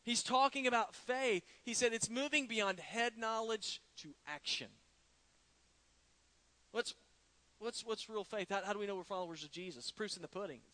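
Male pastor, higher bright voice, dry close sound; conversational sermon full of rhetorical questions. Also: moderate pace, no room sound. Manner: conversational preaching with rhetorical questions and retold stories.

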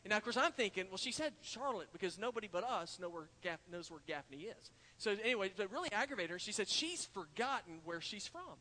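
An earnest male preacher in a church sanctuary talks fast with hardly any pauses, his high, expressive voice sounding pushed and bright. Frequent "uh"s and restarts break up the sermon as it builds to emphatic points, with long church hall reverb throughout.

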